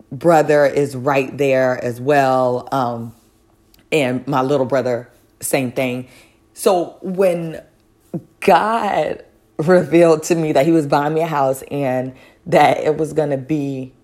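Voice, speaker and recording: A woman's voice: low-pitched, darkish tone. A woman telling a personal faith testimony, earnest and conversational, speaking directly to listeners.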